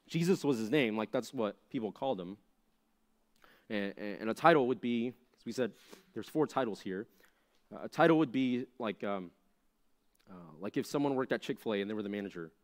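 A young adult man preaching a conversational sermon to junior high students, animated and full of rhetorical questions. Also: fairly quick. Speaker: youth pastor.

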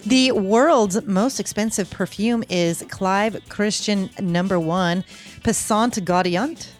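A woman's voice: medium pitch, takes it slowly, soft background music. A woman co-hosting a radio show, sharing fun facts with dry one-liners. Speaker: radio co-host. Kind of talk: casual radio banter.

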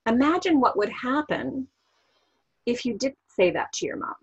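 A woman coach explaining parenting techniques calmly on a podcast, giving examples as she goes. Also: fairly high pitch, normal speed, husky, lo-fi sound. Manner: calm, explanatory, gives examples. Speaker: NLP coach guest. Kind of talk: podcast interview.

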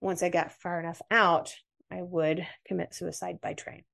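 A woman with an American accent, a podcast guest, telling a personal story in an interview in an earnest, measured way. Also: fairly low pitch, flat delivery, gravelly, fairly bright tone.

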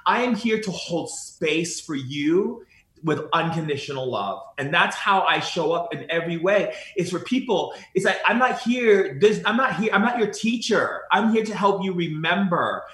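A man's voice: high-pitched, moderate pace. Earnest spiritual guest, male, lighter voice, roomy echo. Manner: earnest, animated storytelling, repeats phrases. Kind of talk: spiritual conversation.

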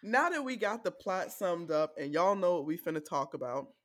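A woman from the American South co-hosting a podcast in casual chat, telling animated stories and laughing often. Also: lowish voice, normal speed, no echo, clean studio sound. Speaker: podcast co-host.

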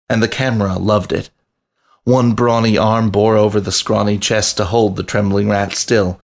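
A man reading a story aloud as narrator, steady and unhurried. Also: lowish voice, vocal fry. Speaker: story reader.

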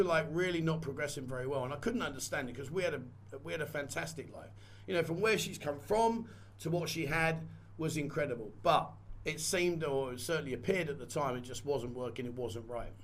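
Man vlogger, fairly high-pitched voice, candid, rambling storytelling, to camera. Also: fairly quick. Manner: candid, rambling, repeats phrases. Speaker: vlogger and photographer. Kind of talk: casual personal storytelling.

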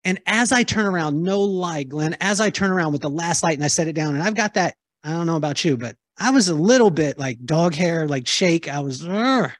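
A man telling a lively story to an audience, acting out the voices of the people in it. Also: a little high, fairly quick, few pauses, no echo. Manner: lively, acts out quoted voices. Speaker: keynote speaker answering audience. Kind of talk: animated storytelling talk.

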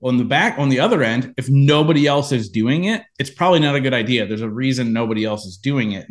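A man in a podcast interview, telling a personal business story with lively acted-out quotes. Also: medium pitch. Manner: animated storyteller, acts out quoted lines. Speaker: podcast guest, entrepreneur.

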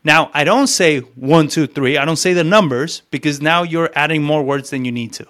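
A man's voice: fairly high pitch, normal speed, a bit bright. A man coaching cold calling in a blunt, profane way, acting out both sides of phone calls as he teaches. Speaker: sales coach.

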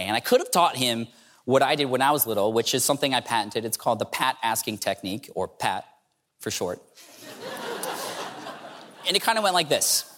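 A man's voice: mid-range voice, fairly bright tone. A man giving a humorous storytelling talk as a speaker at an entrepreneurship event, playfully acting out dialogue as he tells it. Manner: playful, acts out dialogue in the telling.

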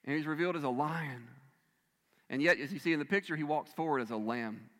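A male pastor preaching a sermon, swinging between loud emphatic bursts and hushed, quiet lines. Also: fairly high pitch, fairly quick. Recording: long reverb of a large hall.

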